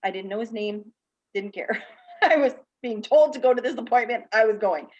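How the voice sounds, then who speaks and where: A woman's voice: fairly high pitch, normal speed. Candid storytelling woman, lo-fi call audio. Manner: candid, animated storyteller who acts out the people in her story. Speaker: guest speaker, practitioner and teacher. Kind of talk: personal story told in a panel talk. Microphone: video call.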